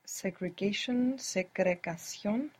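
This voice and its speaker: Student giving short answers, breathy voice. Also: medium pitch, takes it slowly. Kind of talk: answering in a language lesson.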